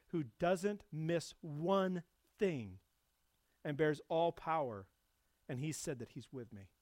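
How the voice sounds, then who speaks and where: A male pastor delivering a sermon with a fairly high voice. He swells into loud, emphatic stretches and then sinks into quiet, low reflection. The sound is close and dry. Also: no echo. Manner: builds to loud emphatic preaching, then drops soft and low.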